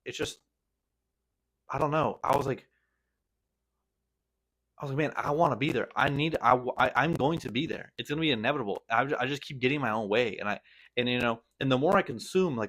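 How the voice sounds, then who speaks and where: A man's voice: medium pitch, fairly bright tone. A young man talking casually to camera in a vlog, rambling and self-critical, with lots of slang and restarts. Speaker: vlogger.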